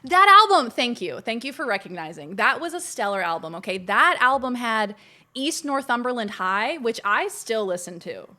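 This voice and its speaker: A young woman streams a game and talks with her chat in a loose, casual way. Her voice sits a little high for a woman, and it turns bubbly and gushing when she greets viewers. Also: lively intonation, moderate pace, bright, forceful tone.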